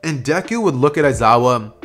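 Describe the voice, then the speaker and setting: A man's voice: medium pitch, lively intonation, brisk, a bit bright, soft background music. A man casually narrating a fan-made what-if story, rambling and thinking aloud, correcting himself as he goes. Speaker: YouTube storyteller.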